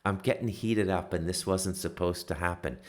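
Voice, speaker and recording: A man in his forties, hosting a solo commentary and ranting with profanity and loud outbursts, punctuating his points with "okay?". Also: sits low, fairly even intonation, moderate pace. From Canada. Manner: repeats "okay?" to drive points home. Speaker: political commentary host.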